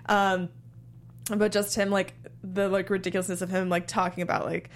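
A woman co-hosting a podcast in casual chat, relaxed and hedging, with many fillers. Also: medium pitch, moderate pace, a little hiss or hum. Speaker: podcast co-host.

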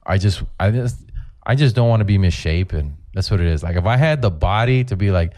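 A man's voice: fairly low pitch, brisk, no echo. A comedian in his forties, telling rambling, profane stories in a casual podcast chat. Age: 40s. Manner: profane, rambling, animated storytelling. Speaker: comedian guest.

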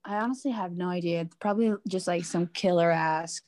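A woman's voice: lowish voice, brisk, darkish tone, dry recording. A young woman from Norway chatting casually, rambling with lots of fillers and restarts. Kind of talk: casual chat.

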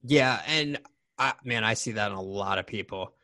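A man's voice: lowish voice, normal speed, bright, forceful tone. A man in his forties hosting a podcast interview, telling personal stories candidly with many restarts. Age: 40s. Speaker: podcast host. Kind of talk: casual interview chat.

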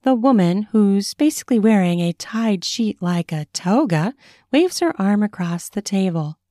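A woman author narrates her own erotic fiction in a measured, sensual reading. Her tone is mellow and warm, recorded dry and close. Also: mid-range voice, expressive, no room sound. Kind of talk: audiobook reading.

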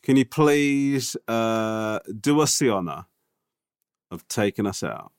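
A man with a lowish voice talks on a podcast in a dry room with no echo. He is wry and self-deprecating, poking fun at himself. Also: lively intonation, slow pace, clear, resonant tone. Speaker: podcast co-host. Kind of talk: casual chat.

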